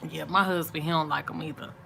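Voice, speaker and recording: A middle-aged woman talks on a late-night livestream, sleepy and yawning. Her voice sits a little low, and she draws her words out in an easy, chatty way with soft murmured asides. A faint hiss runs underneath. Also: steady tone, quick pace, creaky. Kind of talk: casual late-night chat with viewers.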